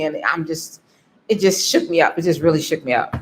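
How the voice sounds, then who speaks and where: A tired woman vlogger on a live stream tells a story in casual chat, yawning, getting emotional and laughing frequently. Her voice is low and expressive, and she talks fairly quickly.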